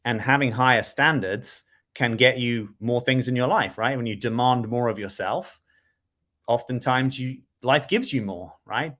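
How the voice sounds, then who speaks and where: A man's voice: mid-range voice, a bit bright. A man speaking as a self-development coach in a reflective solo talk to camera, often checking in with "right?".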